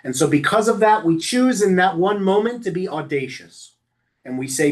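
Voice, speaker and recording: A man's voice: fairly high pitch, big pitch swings, moderate pace. A man leading an informal class for lay leaders, explaining prayer customs in a conversational way and stopping to chant lines as examples. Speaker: rabbi teaching lay leaders. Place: synagogue classroom.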